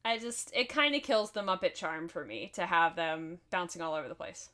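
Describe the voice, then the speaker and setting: A woman's voice: on the low side, lively intonation, fairly quick, bright, forceful tone. Sex: woman. Role: podcast co-host. Style: casual chat recapping a film. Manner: chatty and laughing, with asides.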